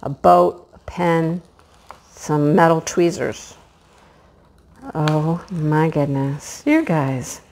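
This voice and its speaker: A woman chatting casually to her viewers as she unboxes a craft kit, gushing with excitement. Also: fairly low pitch. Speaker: craft vlogger.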